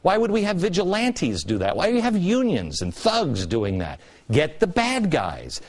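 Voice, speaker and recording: A man's voice: wildly swooping pitch, normal speed. A man hosting a political commentary show, delivering a sarcastic monologue full of rhetorical questions. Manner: sarcastic, rhetorical questions, dramatic pitch swings. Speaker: TV commentary host.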